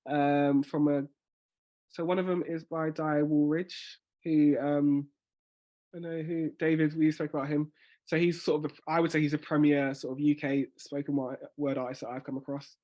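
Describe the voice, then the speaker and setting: Fast-talking man coaching spoken word. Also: on the high side, a little mellow. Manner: fast talker with restarts. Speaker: spoken word workshop leader. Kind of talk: casual teaching on a video call.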